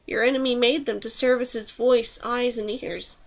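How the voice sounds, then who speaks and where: A woman's voice: on the high side, fairly even intonation, moderate pace, natural voice. A woman reading a wise old duck mole. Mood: explaining. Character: wise male duck mole, calm and knowing.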